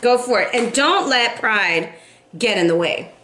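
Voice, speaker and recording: A woman's voice: fairly high pitch, animated, unhurried, sharp tone, a little hiss or hum. A woman in her forties giving a casual tarot reading for viewers, earnest and emotional, sighing between messages. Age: 40s. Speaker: tarot reader.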